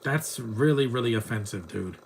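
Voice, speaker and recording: A man's voice: medium pitch, animated, normal speed, vocal fry, slight background noise. Chatty man riffing on a bad movie. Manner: rambling, chatty, mocking the film. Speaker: movie commentary host. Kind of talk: casual live movie commentary.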